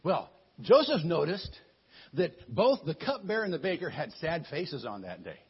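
Man, Bible storyteller for kids, husky, playful, muffled lo-fi recording. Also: a little high, big pitch swings, moderate pace. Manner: playful, chatty, addresses children. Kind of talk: animated storytelling sermon.

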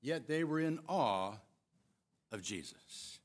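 A man preaching a sermon, retelling scripture with expressive, emphatic storytelling. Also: medium pitch, slow. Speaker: pastor.

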